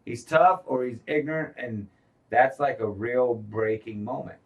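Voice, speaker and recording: A man's voice: medium pitch, measured pace, recorded from a distance, narrow, tinny audio. A man co-hosting a casual show, talking loosely with lots of restarts and swearing. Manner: rambling, profane, loose. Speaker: podcast co-host. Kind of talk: casual chat.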